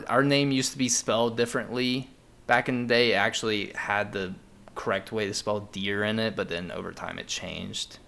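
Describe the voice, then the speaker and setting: Young male podcast co-host, lower voice, loose and profane delivery. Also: gravelly, sharp tone. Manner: loose, rambling, swears freely. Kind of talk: casual chat.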